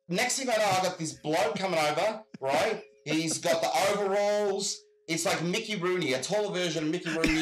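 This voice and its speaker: A man's voice: sits high, normal speed, reverberant, a crowd in the background, rough recording. A man from Australia with an Australian accent, telling rambling stories in casual chat and often repeating "I gotta tell you.". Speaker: guest. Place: home in Michigan.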